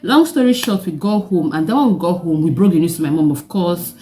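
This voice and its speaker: Mellow-voiced Nigerian woman telling a story. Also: on the low side, a little fast. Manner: animated storytelling with laughing asides. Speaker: vlogger. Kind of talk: storytime vlog.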